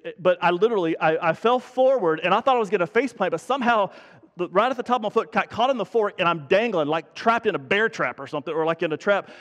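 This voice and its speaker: Male pastor, high pitch, casual storytelling sermon, church reverb. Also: a bit bright. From Texas. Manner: conversational, self-deprecating storytelling with many restarts. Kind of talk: sermon with opening prayer. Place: church sanctuary.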